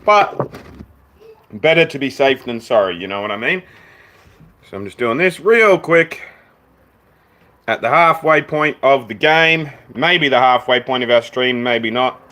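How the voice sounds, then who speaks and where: A man's voice: medium pitch, animated, unhurried, long pauses, sharp tone, slight background noise. A young Australian man hosting a casual live reaction stream from home, laid-back and swearing freely.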